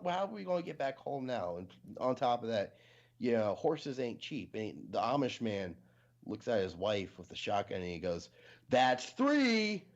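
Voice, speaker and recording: A man's voice: on the low side, darkish tone. A man from Ohio casually chatting as a livestream host, rambling and full of fillers. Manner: rambling, heavy with fillers, tells jokes. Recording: dull lo-fi stream audio.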